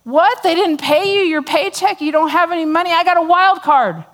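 Her voice is very high-pitched and fairly bright, moving at normal speed. A middle-aged woman gives a humorous testimony to a church audience, laughing often and dropping sarcastic asides into her story.

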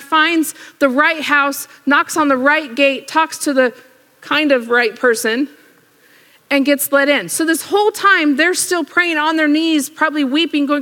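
A woman preaching a sermon, retelling a story with lively acted-out prayers and quotes. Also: sits high. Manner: animated storytelling, acts out prayers. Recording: echoey hall.

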